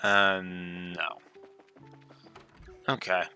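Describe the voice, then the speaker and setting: A man's voice: low voice, flat delivery, drawn-out words, bright, forceful tone, faint music behind. A man streaming a video game, commenting casually and cursing at it. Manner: casual, swearing and chuckling at the game. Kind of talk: let's play commentary.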